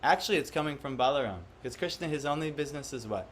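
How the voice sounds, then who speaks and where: Racing along in a fairly high voice, a man delivers a devotional class to a live audience, often quizzing listeners and performing the voices he quotes. He's a spiritual teacher, and there's slight background noise.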